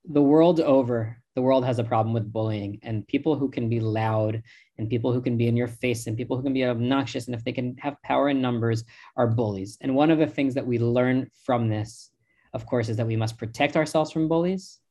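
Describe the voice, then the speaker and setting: A man speaks as a guest in an interview, choosing his words carefully and laying out his points one by one. His voice sits at an ordinary middle pitch, and his delivery stays steady and deliberate. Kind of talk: interview answers.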